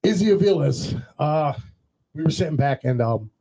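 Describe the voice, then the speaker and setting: In a relaxed, story-swapping conversation on his show, this male co-host relives anecdotes with energy and performs what others said. He talks at a normal speed in a slightly high, gravelly, somewhat rough voice.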